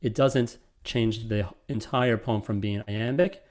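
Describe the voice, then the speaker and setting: Guy teaching a lit class on a video call, mid-pitched voice, explains stuff as he goes. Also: moderate pace, a little mellow. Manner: explanatory, thinking aloud. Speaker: lecturer. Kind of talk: online literature lecture.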